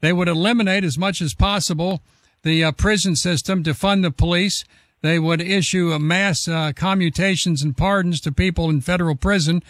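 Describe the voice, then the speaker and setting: A talk-radio host with a high voice speaks in a steady, declarative way. He lectures through his points one by one, and the sound is dry and close to the mic. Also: moderate pace, dry recording.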